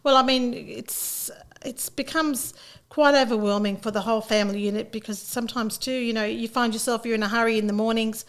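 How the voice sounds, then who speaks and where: A middle-aged woman, a childcare educator on a podcast giving gentle, reassuring advice in a casual chat. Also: fairly high pitch, fairly even intonation, brisk, few pauses.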